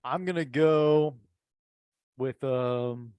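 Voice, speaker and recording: A man chatting casually as co-host, laid-back with quick agreeable replies. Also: medium pitch, a little mellow, clear, resonant tone, no echo, dull audio. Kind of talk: casual chat.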